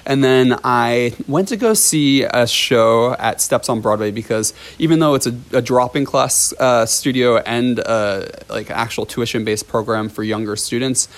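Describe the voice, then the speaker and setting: A man at an everyday middle pitch tells a story on his podcast. He rambles casually, restarts sentences and chuckles as he goes. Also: a little slow, hardly any pauses. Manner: rambling, many fillers and restarts, chuckling often. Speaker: podcast host and ballet teacher.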